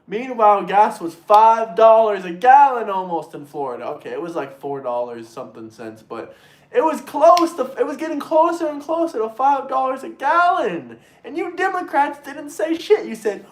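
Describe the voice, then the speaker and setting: A man hosting a political livestream, ranting in a mocking, crude, sarcastic way and mimicking opponents in shrill voices. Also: animated, normal speed, echoey room. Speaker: livestream host reading super chats.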